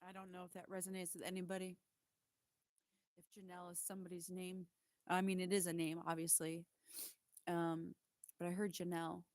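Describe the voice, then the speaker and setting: Woman medium relaying spirit messages, lowish voice, halting and emotional, dry close sound. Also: monotone, a little mellow, no echo. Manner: emotional, hesitant, many fillers and restarts. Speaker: psychic medium. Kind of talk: spiritual channeling monologue.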